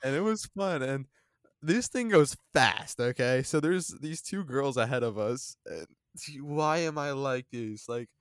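A young man telling a story in a casual podcast chat, rambling and animated with lots of fillers, in a dry close recording. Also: mid-range voice, a little slow, smooth, no room sound. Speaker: podcast co-host.

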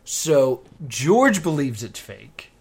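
A man casually recapping a TV episode with a co-host, animated when quoting scenes. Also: medium pitch, takes it slowly, slightly rough. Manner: animated retelling, bursts into loud quoted exclamations. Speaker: podcast co-host. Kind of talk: casual chat recapping a TV show.

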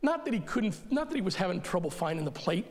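A man's voice: sits high, very animated, fast talker. A male pastor preaching a sermon in an emphatic, conversational way, speaking straight to his listeners.

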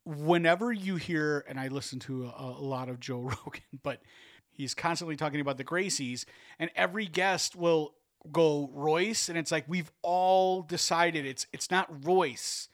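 A man's voice: a little high, moderate pace, dry recording, studio quality. A man co-hosting a podcast in casual chat, teasing his co-host with questions and rambling asides.

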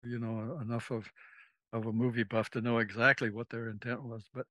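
A man's voice: medium pitch, level tone, brisk, sharp tone, dry recording. A man, a former navy officer, telling a rambling, casual story as a podcast guest and acting out the lines of the people in it. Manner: rambling, acts out quoted dialogue.

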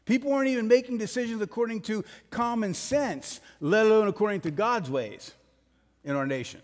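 Male pastor, slightly high-pitched, emphatic sermon delivery, church hall reverb. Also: lively intonation, fairly quick. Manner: blunt, emphatic, rising to forceful peaks.

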